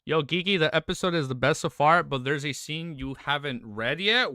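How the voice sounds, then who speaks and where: A man's voice: on the high side, lively intonation, normal speed, hardly any pauses, bright, forceful tone, no echo, clean studio sound. A young adult man live-streaming, chatting casually, rambling and swearing as he reads chat aloud.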